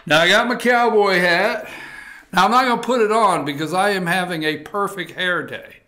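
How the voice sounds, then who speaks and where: A talk show host delivers sarcastic political opinion in an animated way. His voice is high for a man and bright, with a forceful edge. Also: moderate pace, soft background music.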